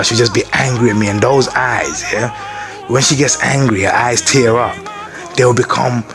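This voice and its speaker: Man telling a story over music. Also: mid-range voice. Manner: dramatic, musing, repeats phrases. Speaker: spoken-word artist. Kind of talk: spoken-word storytelling over a beat.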